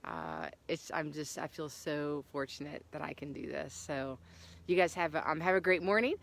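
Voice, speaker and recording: A middle-aged woman hiker chatting to her camera outdoors on a trail, telling a story with lots of fillers and animated swings. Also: low-pitched, normal speed, creaky. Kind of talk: casual vlog chat. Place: outdoors on a hiking trail in the morning.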